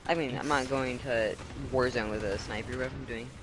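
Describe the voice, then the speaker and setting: A man's voice: mid-range voice, fairly even intonation, a little fast, background noise. A man on voice chat with friends, bluntly arguing his opinions about a game. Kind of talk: casual gaming chat.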